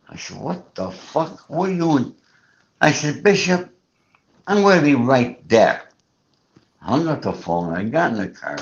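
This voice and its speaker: A man hosting a casual chat, telling a rambling, profane story and acting out the dialogue he quotes. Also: medium pitch. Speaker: show host. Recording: muffled lo-fi audio.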